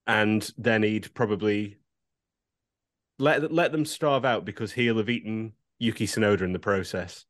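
Male podcast co-host with a lower voice; playful, tells comic what-if stories. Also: a little slow. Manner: playful, spins comic scenarios. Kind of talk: casual panel chat.

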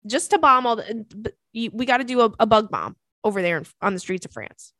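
A woman's voice: on the high side, lively intonation, fairly quick, fairly bright tone, no room sound. A young woman hosting a podcast, reading out listener emails and chatting in a bubbly, crude, joking way, laughing often. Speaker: podcast host and stand-up comic.

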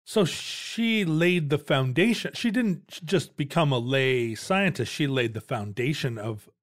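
A man hosting a podcast, asking questions and summing up points in relaxed chat. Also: a little high, measured pace, no room sound, clean studio sound. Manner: asks leading questions and sums up the guest's points. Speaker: podcast host. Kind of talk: casual conversational podcast chat.

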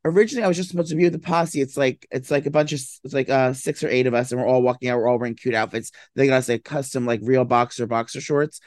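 A man's voice: medium pitch, steady tone, quick pace, few pauses, a little mellow, dry recording. Groggy rambling man, dry close mic. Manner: rambling, filler-heavy, with mock-tough bursts. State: groggy and slow-talking after a late night of drinking. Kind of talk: casual chat.

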